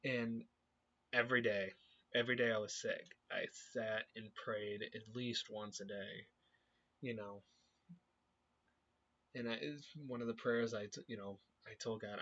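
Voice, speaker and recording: Earnest, halting youth leader, man. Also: on the low side, fairly even intonation, bright, forceful tone. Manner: earnest, halting, searching for words. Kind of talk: personal faith reflection to camera. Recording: dull lo-fi recording.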